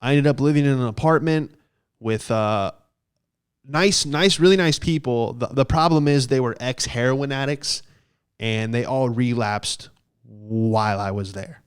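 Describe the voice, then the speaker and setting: Young male podcast host, mid-pitched, smooth clear voice, loose profane anecdote style. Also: measured pace. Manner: rambling, profane, heavy on fillers. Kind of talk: casual comic storytelling.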